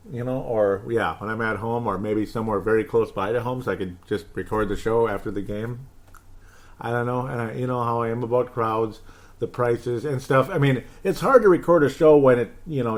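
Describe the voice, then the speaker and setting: A man in his thirties hosting a casual sports podcast, excitable and rambling, reading out listener comments. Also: mid-range voice. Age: 30s. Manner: hyper, excitable, rambling with laughs. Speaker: podcast host.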